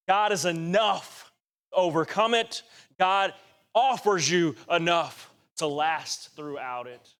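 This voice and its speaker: A man's voice: sits high, animated, measured pace, fairly bright tone. A man preaching a sermon, earnest and rising to emphatic exhortation.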